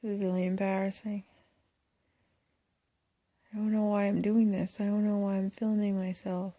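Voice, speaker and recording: A woman filmmaker speaking in a soft, halting, hesitant way, in confessional documentary talk. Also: medium pitch, little pitch movement, dry recording. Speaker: first-time filmmaker.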